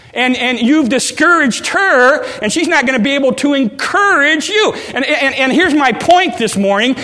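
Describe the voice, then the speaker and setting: A man's voice: very high-pitched, sharp tone, in a large hall. A man preaching a sermon in a folksy, humorous way, acting out little everyday scenes. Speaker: pastor.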